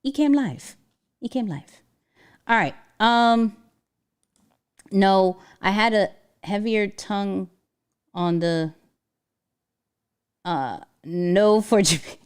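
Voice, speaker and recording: Slow, animated woman streamer. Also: mid-range voice, smooth. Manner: animated, slangy, laughs often. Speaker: livestream host. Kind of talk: casual livestream chat.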